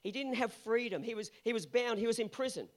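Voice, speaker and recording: A man's voice: very high voice, fairly quick. A male pastor delivering an earnest sermon that builds to emphatic peaks.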